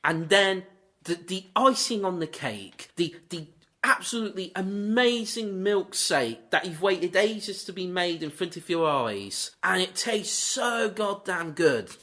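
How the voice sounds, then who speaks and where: A man co-hosting a casual movie debate podcast, chatty and lively. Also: high-pitched, a little slow. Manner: lively, chatty, slips into goofy quoted voices. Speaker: podcast co-host.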